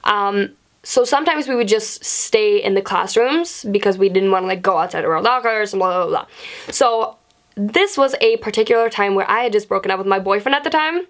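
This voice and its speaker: A young woman telling a casual storytime, animated and rambling, swearing freely and filling with "like". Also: medium pitch, a little fast. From Sweden. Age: young adult. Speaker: vlogger.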